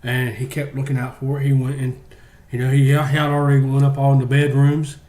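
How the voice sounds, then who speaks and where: A man telling a long shaggy-dog joke in a halting, drawn-out way, full of fillers. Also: medium pitch, monotone, a little mellow, reverberant. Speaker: joke teller. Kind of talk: rambling spoken joke.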